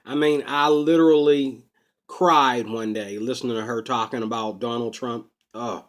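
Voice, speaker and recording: A man talking to camera in a rambling personal vlog, unscripted and full of drawn-out ums. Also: mid-range voice, fairly even intonation. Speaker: vlogger. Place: Pittsburgh.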